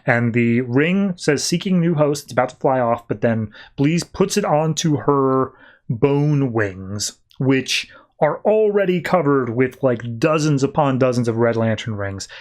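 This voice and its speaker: A man's voice: medium pitch, animated, unhurried, a little mellow. Chatty man recapping comics. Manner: chatty, many "like" fillers. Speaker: podcast host. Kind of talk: casual comic book recap.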